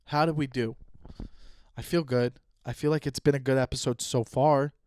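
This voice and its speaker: A man's voice: mid-range voice, steady tone, moderate pace, a little mellow, no room sound. A young man hosting a solo podcast, rambling and joking casually with lots of swearing. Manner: rambling, profane, joking asides. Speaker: podcast host.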